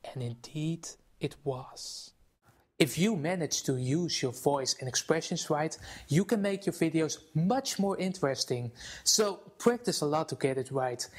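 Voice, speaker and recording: A man giving instructional talk to camera on presentation skills, expressive and deliberate, switching between loud and soft. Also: a little high.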